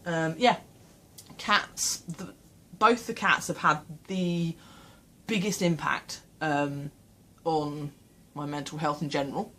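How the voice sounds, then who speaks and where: A woman's voice: low voice, fairly even intonation, slow pace, long pauses, bright, forceful tone. A woman in a casual home vlog, chatting in a rambling, self-deprecating way from a small room, speaking into her camera mic. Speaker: vlogger.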